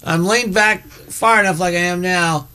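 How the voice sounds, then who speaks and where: A man's voice: high-pitched, moderate pace, pushed and bright, smooth, dry recording. A middle-aged man hosting a casual chat show, rambling and often breaking off mid-sentence. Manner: rambling, self-interrupting, chatty. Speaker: show host.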